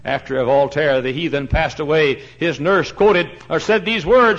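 A man, a pastor, preaching a fiery sermon in a church, shouting one moment and dropping to a hush the next. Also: medium pitch, big pitch swings, moderate pace, few pauses. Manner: fiery preaching, swings from shouts to hushed tones. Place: church sanctuary. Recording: dull lo-fi recording.

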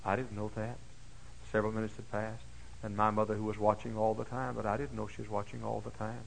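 An older man preaching a folksy sermon. He tells stories dramatically, moving from hushed asides to high, shouted exclamations. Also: monotone, quick pace, creaky, a little hiss or hum, low-quality recording. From Dallas, Texas. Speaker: pastor. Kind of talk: sermon with personal storytelling. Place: church.

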